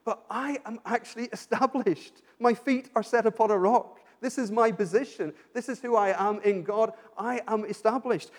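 A man's voice: high voice, normal speed, hardly any pauses. A man preaching a sermon, earnest and pastoral, asking his listeners rhetorical questions and often repeating himself as he builds a point. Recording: long hall reverb.

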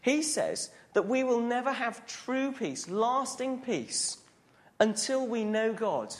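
A man's voice: very high voice, big pitch swings, slow. A man preaching a sermon to a congregation in a questioning, conversational way.

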